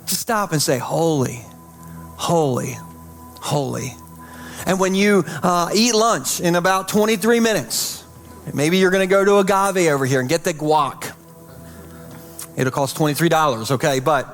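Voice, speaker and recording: A man preaching as pastor, casual and chatty, dropping low and slow each time he repeats "holy.". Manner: repeats "holy" softly and slowly, chatty asides. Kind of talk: sermon.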